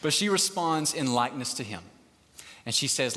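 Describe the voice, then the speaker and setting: A male pastor preaches in a loose, chatty way, cracking jokes and checking in with his listeners as he goes. His voice sits at an ordinary middle pitch. A long reverb from the large hall trails behind every phrase. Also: lively intonation, normal speed, sharp tone. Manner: chatty and joking, keeps checking in with "okay?". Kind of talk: casual conversational sermon. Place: large hall, live service.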